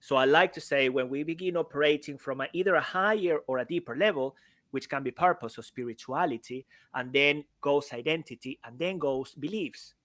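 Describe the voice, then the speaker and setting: A man's voice: fairly high pitch, brisk, a bit bright, no room sound. A man co-hosting a podcast, giving an upbeat sponsor plug and explaining a speaking framework. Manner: upbeat promo patter, then explaining a framework. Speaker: podcast co-host. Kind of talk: podcast conversation.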